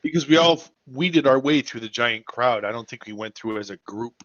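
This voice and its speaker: A man's voice: mid-range voice, moderate pace, a bit bright, no echo, lo-fi sound. A man playing a tabletop role-playing game, making wry jokes. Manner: wry, joking asides. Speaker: player. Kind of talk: casual tabletop game chat.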